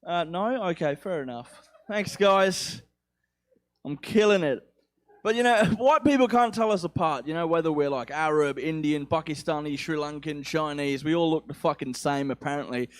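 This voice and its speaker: A man's voice: fairly high pitch, moderate pace. A young man doing a rambling, profane stand-up set, with an accent somewhere between English and Australian. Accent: mixed English and Australian. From England. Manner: rambling, profane, self-mocking. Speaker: stand-up comedian.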